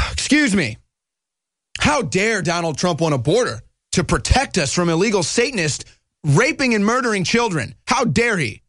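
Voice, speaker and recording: A man's voice: sits high, very animated, normal speed, fairly bright tone, dry recording, clean studio sound. A man hosting a political talk show, ranting in heated, emphatic outbursts. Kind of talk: fiery political commentary.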